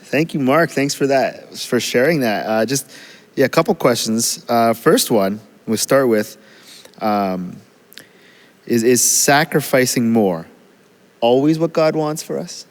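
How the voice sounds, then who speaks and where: A man moderating a Q and A after a sermon, speaking in a hesitant, halting way. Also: mid-range voice, big-room sound. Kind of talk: hosting Q and A.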